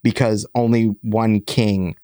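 Low-voiced guy hedging his points, kinda wry, dry close sound. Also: flat delivery, takes it slowly, mellow, clear, resonant tone, no echo. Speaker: podcast co-host. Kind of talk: casual chat.

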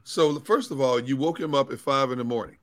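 A man's voice: mid-range voice, fairly quick, no room sound. A middle-aged man hosting a casual sports talk show, a playful storyteller who teases his co-hosts. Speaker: host.

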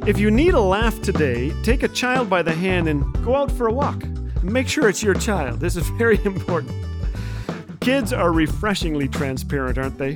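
A middle-aged man hosting a humor radio show, telling stories with wry, gentle jokes and chuckling at his own lines. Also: high-pitched, sing-song, moderate pace, music in the background.

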